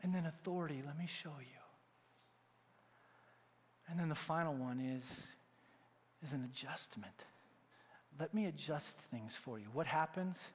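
A male pastor preaching a sermon, swinging between loud emphatic peaks and hushed, near-whispered lines. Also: a little high, a little slow, long pauses, slightly rough, in a large hall.

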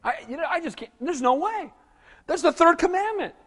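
A man with a notably high voice preaches a sermon with animated, conversational energy, often checking in with his listeners. His voice carries a long reverb, as if in a large church sanctuary. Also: brisk. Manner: animated, conversational preaching with frequent "Amen?" calls. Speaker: pastor.

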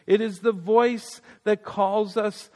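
A man with a high voice speaks slowly and earnestly, tender in his reflection. A long reverb hangs after his words. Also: fairly even intonation, darkish tone. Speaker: preacher. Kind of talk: reflective devotional reading.

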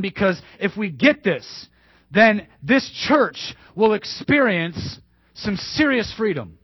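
A male pastor preaching a sermon emphatically, repeating key phrases and dropping to hushed asides. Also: high-pitched, dry recording. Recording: dull dry lo-fi sermon recording.

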